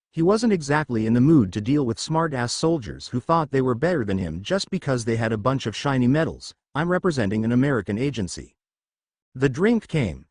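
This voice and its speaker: Animated male fan-fiction narrator. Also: medium pitch, no echo, studio quality.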